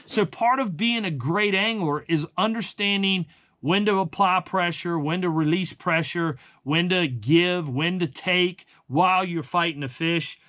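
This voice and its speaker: A man's voice: sits high, unhurried, sharp tone. A man hosting a fishing channel, giving blunt, emphatic tips in casual talk and calling the viewers guys.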